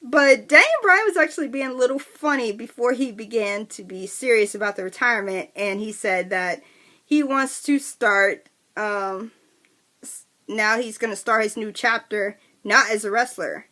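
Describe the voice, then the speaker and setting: A woman giving a chatty, excitable wrestling recap to her viewers, full of restarts and fillers. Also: a little high, moderate pace. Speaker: wrestling vlogger. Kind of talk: casual recap vlog.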